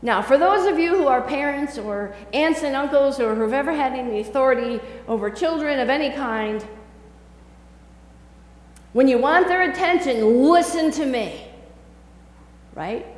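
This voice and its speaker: A woman pastor preaching a sermon in a conversational, animated storytelling way. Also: high-pitched, moderate pace, echoey room, big-room sound, low-quality recording. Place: church sanctuary.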